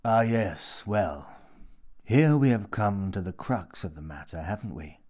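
A man's voice: on the low side, animated, measured pace, darkish tone. A man voicing a sinister mad old man with pierced lips, speaking in a theatrical, wheedling, lecturing way.

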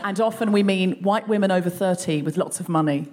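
A woman with an Australian accent hosting a live comedy quiz, playful and chatty, quick with asides. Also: lowish voice, a little mellow. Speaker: comedy podcast host. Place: live venue stage.

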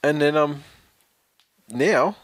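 A man's voice: on the high side, very slow, no room sound. A man reads out rugby league news and undercuts it with sardonic jokes and freely placed swearing. His voice is close and dry. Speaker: podcast host. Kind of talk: casual sports banter, reading news.

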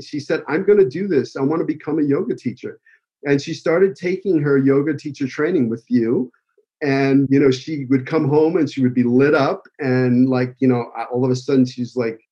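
A man's voice: mid-range voice, dark tone, lo-fi sound. A man with a New York accent giving an emotional, rambling tribute speech full of fillers. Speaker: acting school owner giving a tribute speech. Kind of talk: heartfelt personal speech.

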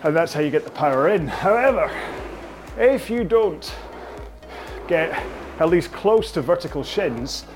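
A man's voice: fairly high pitch, big pitch swings, unhurried, over music. A Scottish man coaching rowing technique, patient and explaining while he demonstrates on a rowing machine. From Scotland. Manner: patient, explaining, checks in with "okay?". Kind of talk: instructional workout video. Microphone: on a rowing machine, talking while demonstrating.

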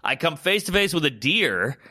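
A man, a comedian from the United States, telling stories in casual podcast chat, animated, acting out voices and swearing freely. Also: fairly high pitch, moderate pace, breathy edge. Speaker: stand-up comedian, podcast guest.

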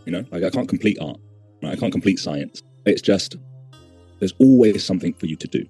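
A man, an artist guest on a podcast, talking casually in a reflective, halting way. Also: low voice, lively intonation, mellow, soft background music. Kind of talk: casual interview chat.

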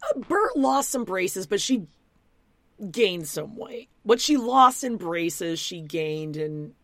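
A woman chatting casually as a podcast co-host, her pitch swinging widely as she recaps and plays out the cast's lines. The sound is dry and close, with no room around her voice. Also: takes it slowly, no echo. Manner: animated, acts out quotes in silly voices. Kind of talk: casual chat recapping a reality show.

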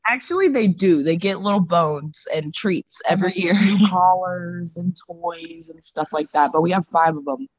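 A woman's voice: fairly low pitch, normal speed, few pauses, no room sound, highs cut off. A woman chatting as a podcast guest, laughing often and using casual slang. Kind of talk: casual chat.

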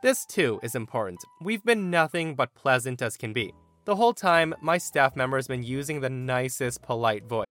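A man narrating a Reddit story aloud in an animated, expressive way. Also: mid-range voice, moderate pace.

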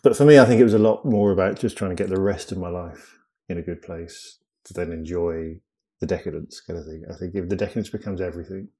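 A man with a fairly low voice chats as a guest on a casual interview podcast. He tells stories with lively energy, slipping into the voices of people in them. His pitch sits at the lower side for men. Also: fast talker. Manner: animated, laughing storyteller who acts out quoted dialogue. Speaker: guest comedian.

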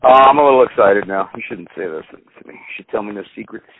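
A man's voice: fairly low pitch, fast talker. A man co-hosting a podcast in casual chat, rambling and swearing freely as he laughs along. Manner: rambling, profane, laughs a lot. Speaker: podcast co-host. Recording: tinny phone-like sound with faint hiss.

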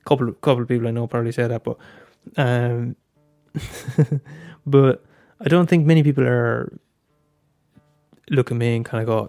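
A young Irish man hosting his own podcast in a relaxed, open way, swearing often and tripping into stammered restarts. His voice sits in a middle pitch, recorded dry and close with no room sound. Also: moderate pace, no echo, faint music behind. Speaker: podcast host. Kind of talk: casual solo podcast talk.

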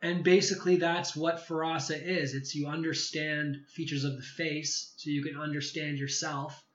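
Brief: male guest, slightly high voice, animated storyteller, roomy lo-fi sound. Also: normal speed. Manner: animated, acts out quoted dialogue. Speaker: podcast guest. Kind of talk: casual storytelling interview. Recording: echoey room, slightly dull sound.

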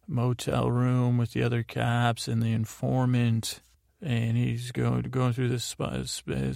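Flat, gravelly man rambling through a recap. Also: medium pitch, dry recording, clean studio sound. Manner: meandering, full of restarts and quoted lines in his own voice. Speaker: podcast host. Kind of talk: rambling sleepy episode recap.

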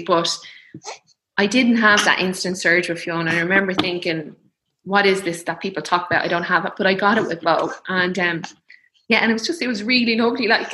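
A young woman telling her birth story in a soft, reflective, emotional way. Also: mid-range voice, poor audio. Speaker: guest.

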